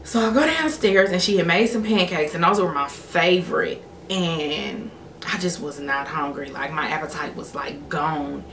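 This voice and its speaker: A woman's voice: low voice, normal speed, fairly bright tone, a little hiss or hum. A woman in her thirties, a vlogger telling a personal story in a candid, emotional way.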